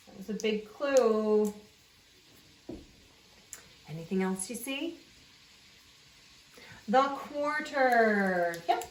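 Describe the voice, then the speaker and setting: A woman teaching an early-grade phonics lesson, sounding out letters slowly and singing short spelling songs. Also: mid-range voice, a little hiss or hum. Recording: echoey room, voice a bit far off.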